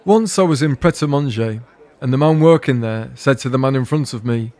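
Deadpan man with wry spoken-word musings. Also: medium pitch, brisk. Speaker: comedian and podcast host. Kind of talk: scripted spoken-word comedy monologue.

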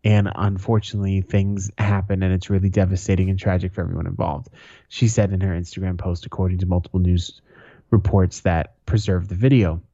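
A man co-hosting a podcast in casual banter, profane and animated, telling stories with laughs. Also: low-pitched, a little fast, no echo, dull audio. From Boston area. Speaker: podcast co-host.

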